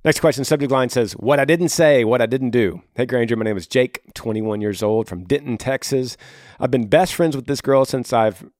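A man hosting an advice show, talking straight to a young listener in a casual, animated way, acting out little conversations. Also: mid-range voice, normal speed, dry recording, clean studio sound. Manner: animated, acts out little dialogues, calls listener bro and man.

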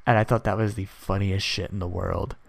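A man's voice: low voice, level tone, fairly quick, gravelly, no room sound. A young man in his early twenties hosts a podcast alone, giving his opinions in a rambling, casual monologue full of restarts. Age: early 20s. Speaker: podcast host.

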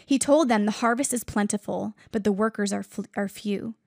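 A woman's voice: medium pitch, normal speed, gravelly, a little mellow, no room sound, clean studio sound. A young woman giving an earnest devotional message, telling a story and making emphatic declarations. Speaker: Christian teacher.

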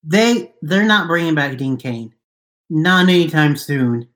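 A man co-hosting a casual podcast, calmly correcting and adding details. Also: fairly high pitch, a little slow. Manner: corrects and adds details, easygoing. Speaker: podcast co-host. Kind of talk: casual chat about a TV show.

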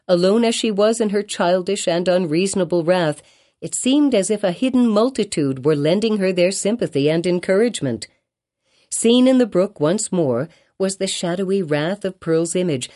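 A woman narrates a classic novel in a measured, formal audiobook reading. Her voice sits fairly low, with a dark, mellow tone.

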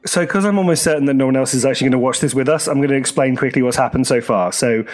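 A man co-hosts a casual watch-along of a film, cracking dry jokes and laughing along. His voice sits at a middling pitch. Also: racing, a crowd in the background. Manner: wry, laughs often. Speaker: film commentary co-host.

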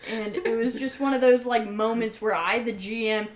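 A woman's voice: a little high, steady tone, moderate pace. A woman game master and podcast co-host, retelling a game story in casual chat, telling it with lots of quoted asides. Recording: echoey room.

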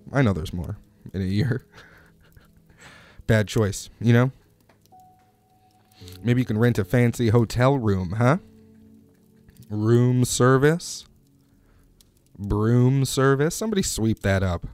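A man's voice: mid-range voice, a little mellow. A man rambling through a comic monologue, digressing wryly and asking the listener questions.

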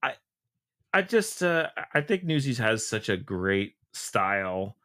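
A man co-hosting a podcast in casual chat, dropping wry, quick quips. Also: lowish voice, sing-song, fairly bright tone. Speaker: podcast co-host.

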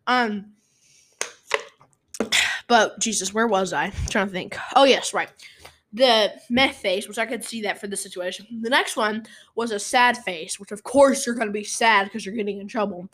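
A woman's voice: medium pitch, brisk, a bit bright, a little hiss or hum. A teenage girl hosting a casual storytelling podcast from a room at home, rambling, apologizing and getting sidetracked. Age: teens. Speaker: podcast host.

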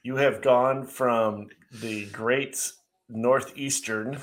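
A middle-aged man co-hosting a casual chat, telling an animated, sarcastic story with mocking asides. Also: mid-range voice, very slow. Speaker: podcast co-host.

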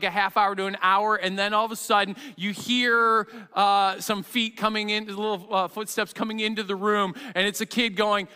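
Bright-voiced pastor preaching in a reverberant hall. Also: male voice, sits high. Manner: animated storytelling, acts out parent and child. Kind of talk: sermon. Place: church sanctuary with long reverb.

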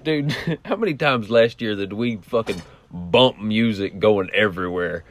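A man's voice: on the low side, lively intonation, measured pace. A man co-hosting a podcast over a call, laid-back and teasing as he chats casually. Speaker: podcast co-host. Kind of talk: casual chat.

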